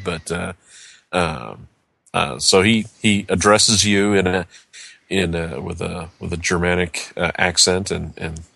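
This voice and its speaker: Low-voiced man running a tabletop game. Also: creaky, a bit bright, dry recording. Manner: halting, descriptive, searches for words. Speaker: game master.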